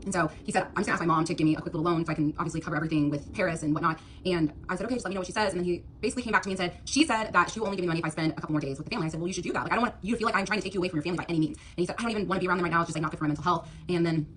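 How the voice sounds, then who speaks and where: A woman's voice: lowish voice, rapid-fire, hardly any pauses, a bit bright, slight background noise. A young woman retelling a personal dating story, rambling and quoting the other person's words, with lots of fillers. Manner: rambling, filler-heavy retelling with quoted dialogue. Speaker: TikTok storyteller. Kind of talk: storytime monologue.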